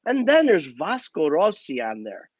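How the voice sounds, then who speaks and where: A man's voice: a little high, wildly swooping pitch, a little slow, no room sound, highs cut off. An older man hosting a casual chat, asking easygoing questions with lots of fillers. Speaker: host.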